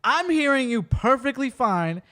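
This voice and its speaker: A man hosting a podcast, telling stories in a casual, animated way with rapid bursts of speech. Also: very high voice. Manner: animated storyteller, rapid bursts, swears freely. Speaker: podcast host. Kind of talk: casual chat.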